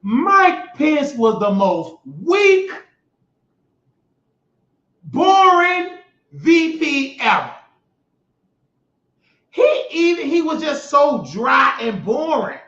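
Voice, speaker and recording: A young adult man hosts his own show, offering emphatic, mocking, slangy political commentary. His very high-pitched, slightly bright voice swings widely in pitch, drawing out words and pausing often. The recording is roomy with a dull lo-fi sound.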